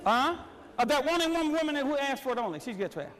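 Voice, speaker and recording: High-pitched exhorting male motivational speaker. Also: sing-song, fast, fairly bright tone, big-room sound. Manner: exhorting, repetitive, urging the crowd on. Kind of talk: energetic workshop talk to a live audience. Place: large meeting room with audience at tables.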